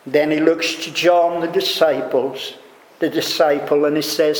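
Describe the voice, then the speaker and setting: A man delivers a sermon at a measured, unhurried pace, leaning into emphatic rises. His fairly high voice rings through a big, echoing hall. A faint room hum sits underneath. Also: fairly even intonation. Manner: slow, deliberate preaching with rising emphatic swells. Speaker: preacher. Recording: echoey hall reverb, faint room noise.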